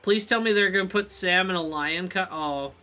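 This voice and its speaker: A man's voice: high voice, moderate pace, sharp tone. A man streaming a video game live, rambling through jokey, self-mocking asides as he plays.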